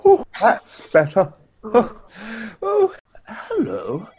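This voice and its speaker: A performer doing a doddering, posh octogenarian director with a husky voice that wanders up and down in pitch. He speaks slowly, courtly and tactless. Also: huge pitch swings, darkish tone, heavily acted. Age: 80s. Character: frail posh elderly male film director.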